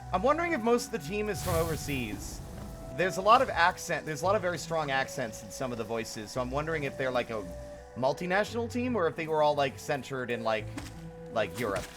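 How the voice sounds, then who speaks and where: A man's voice: mid-range voice, lively intonation, moderate pace. A man streaming a video game live, commenting in a chatty, rambling way with lots of fillers. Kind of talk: casual live gameplay commentary. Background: faint game music.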